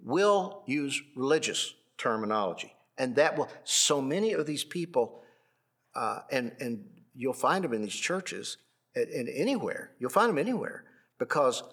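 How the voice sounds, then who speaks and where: A man's voice: mid-range voice, fairly bright tone, slightly rough. A man leading a Bible class, teaching animatedly with many restarts and repeats.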